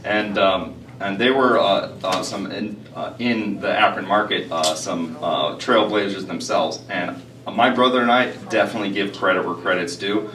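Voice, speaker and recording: A man's voice: on the low side, steady tone, normal speed, a bit bright. A man giving an earnest talk as a guest speaker to a live audience, with many filler words. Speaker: guest speaker, health food store owner. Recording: echoey hall, far from mic, crowd behind.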